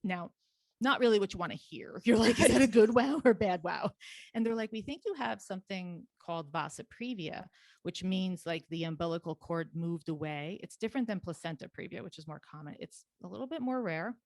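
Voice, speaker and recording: Dry, lively woman guest storyteller. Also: lowish voice, no echo. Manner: animated, rapid, laughing storyteller. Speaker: podcast guest. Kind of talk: casual interview storytelling.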